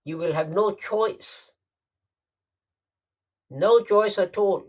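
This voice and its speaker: A man delivering a Friday sermon, emphatic and deliberate, repeating phrases for stress. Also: sits high, darkish tone. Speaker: preacher.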